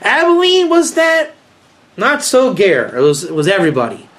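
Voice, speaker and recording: High-pitched rabbi guy rambling and joking thru an informal talk, keeps asking the room stuff. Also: normal speed. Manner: rambling, joking, animated, asks the audience questions. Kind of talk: informal lecture to a small group.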